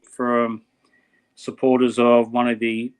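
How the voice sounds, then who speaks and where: A man's voice: medium pitch, completely flat delivery, slow, clean tone. A middle-aged Australian man co-hosting a podcast, talking bluntly and with passion, often saying "mate". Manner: blunt, impassioned, many "mate"s. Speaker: podcast co-host. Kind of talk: casual podcast chat.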